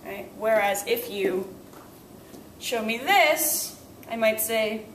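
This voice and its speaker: A woman's voice: a little high, a little slow, a little hiss or hum. A young woman teaching a class, explaining methods step by step and often checking in with "right?". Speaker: language teacher. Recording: echoey room, voice far from the mic.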